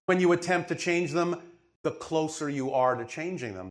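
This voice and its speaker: A man's voice: a little high, measured pace. A man giving a channeled spiritual teaching to a questioner, with an emphatic, didactic delivery and frequent checks that he is understood. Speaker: spiritual speaker answering a questioner.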